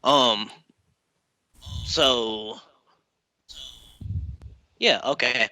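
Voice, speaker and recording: A young man hosting a podcast, telling a prank story quickly and excitably, with a lot of swearing. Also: medium pitch, no room sound, low-quality recording. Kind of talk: casual storytelling.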